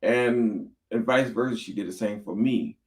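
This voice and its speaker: A man's voice: lowish voice, normal speed. A man co-hosting a candid talk about marriage, speaking earnestly and plainly. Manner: earnest, plain-spoken advice giving. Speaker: podcast co-host.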